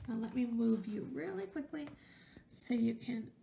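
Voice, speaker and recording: A woman's voice: a little high, animated, moderate pace, gravelly, mellow, slight background noise. A woman teacher reading a picture book aloud to young children, stopping to ask questions and using voices for the characters.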